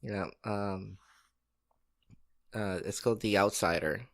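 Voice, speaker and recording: Gravelly low-voiced man, dry close sound. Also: no echo. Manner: laid-back, brief agreeing replies, halting with fillers. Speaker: podcast co-host. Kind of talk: casual chat.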